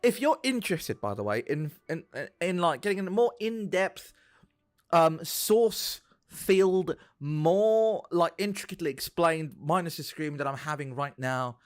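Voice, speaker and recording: A young man streaming a game, ranting excitably with heavy swearing. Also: on the high side, a little slow, no room sound, clean studio sound. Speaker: gaming streamer. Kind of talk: live-stream rant.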